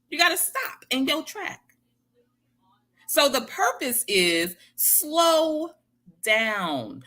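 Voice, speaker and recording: Woman, motivational talk, animated pitch, bright tone. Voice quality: emphatic, repeats key phrases, addresses viewers by name. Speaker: motivational speaker. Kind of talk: casual motivational talk to viewers.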